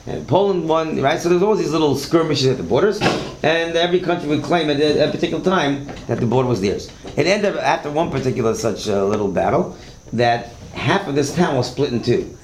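A man with a slightly high, expressive voice talks a little fast as he teaches a Torah class. He tells stories conversationally, repeats words, and puts questions to the class. The room is echoey, with a faint hiss in the background.

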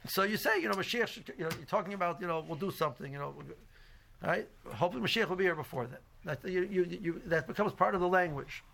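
A man's voice: high-pitched, fast talker, creaky, a bit bright, slight background noise. A middle-aged man teaching a casual Torah class, rambling with many fillers and restarts and mixing in Hebrew phrases. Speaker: yeshiva teacher.

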